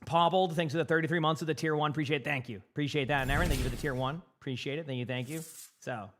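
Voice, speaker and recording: A man's voice: a little high, rapid-fire, fairly bright tone, a little hiss or hum. A young man from Massachusetts with a light Boston accent, chatting casually on a live stream, reading chat aloud and rambling with lots of repeated words.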